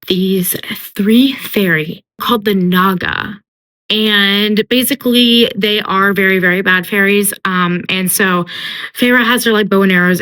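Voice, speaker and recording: A young woman retells a novel's plot in a casual, chatty way, peppered with likes and ums. Her voice is bright and sharp, sitting at a middle pitch. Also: low-quality recording. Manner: chatty, uses filler like "like" and "um". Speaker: book commentator. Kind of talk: casual book summary with character voices.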